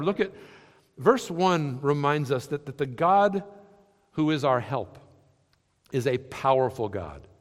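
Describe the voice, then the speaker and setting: A man preaching a sermon, swinging between loud emphatic lines and soft, quiet ones. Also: medium pitch, big-room sound. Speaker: pastor.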